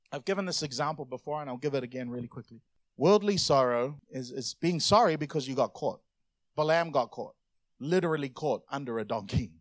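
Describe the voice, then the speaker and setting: A man preaching a sermon, lively and conversational, dropping soft then rising loud, acting out voices in his stories. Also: medium pitch, no room sound, studio quality. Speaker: pastor.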